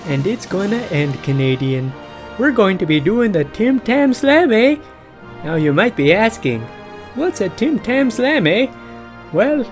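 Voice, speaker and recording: A man narrating a vlog in a joking deadpan way, tagging his lines with "eh". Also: high-pitched. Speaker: vlogger. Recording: music behind.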